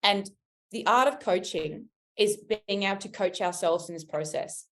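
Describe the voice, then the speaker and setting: A woman's voice: mid-range voice, moderate pace. A young adult woman with an Australian accent, a fitness coach giving an emphatic motivational talk to a live audience and often asking the room questions. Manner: emphatic, asks the room questions, frequent "right?".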